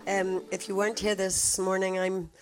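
A woman with a Belfast accent preaches in an earnest, teaching tone. Her voice is croaky and hoarse from a sore throat. Faint music plays softly in the background. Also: medium pitch, flat delivery, moderate pace. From Northern Ireland. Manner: earnest, warm teaching tone with fillers. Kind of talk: sermon.

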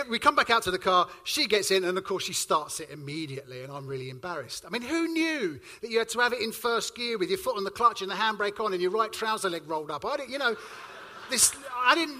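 A man from the UK preaching a sermon, telling a personal story in an animated way and acting out the dialogue. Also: high voice. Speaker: pastor.

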